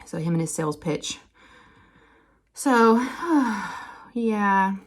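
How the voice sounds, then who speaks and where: A woman, chatting casually to her viewers and telling an animated family story with frequent laughter. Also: extremely slow. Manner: chatty, animated, laughs often, quotes people in higher voices. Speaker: crafting channel host.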